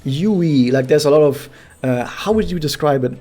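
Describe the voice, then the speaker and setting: A man with a fairly high, dark-toned voice streams a game, talking fairly quickly to his chat with lots of fillers as he explains things. Soft music plays in the background of this casual gameplay commentary.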